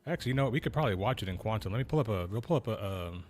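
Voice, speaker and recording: A man streaming a game, talking slowly and casually in a kept-down voice, with a lot of slang. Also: lowish voice, expressive. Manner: slow, laid-back talker; keeps voice down. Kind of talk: casual live-stream chat.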